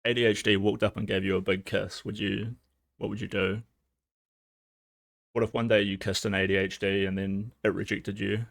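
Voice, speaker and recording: A man's voice: lowish voice, level tone, normal speed, vocal fry, fairly bright tone, no room sound, clean studio sound. A young man hosting a casual livestream, rambling with lots of fillers and laughing between thoughts. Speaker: livestream host.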